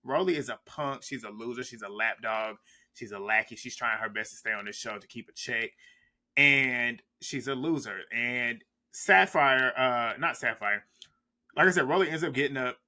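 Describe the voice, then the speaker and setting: A man's voice: medium pitch, moderate pace, sharp tone. A man, recapping a reality show in casual, blunt, trash-talking commentary.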